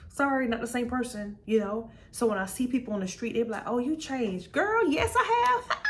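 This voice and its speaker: A woman's voice: on the high side, brisk, a little hiss or hum. Emphatic woman talking her faith story. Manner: emphatic and repetitive, calls the listener "baby". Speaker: faith vlogger sharing her testimony. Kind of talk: casual testimony talk.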